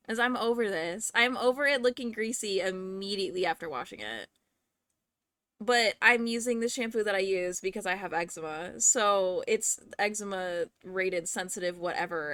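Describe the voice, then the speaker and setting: Streaming from home, a young woman talks casually with her viewers, ranting and cursing frequently and a little out of breath. Her voice is medium-pitched and a bit bright, and the recording is dry.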